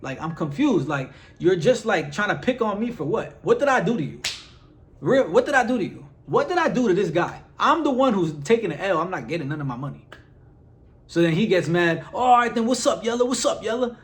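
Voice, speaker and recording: A man's voice: high-pitched, sing-song, brisk. A man vlogging straight to his followers, exasperated and firing off rhetorical questions with lots of "like" fillers. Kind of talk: direct-to-camera vlog rant.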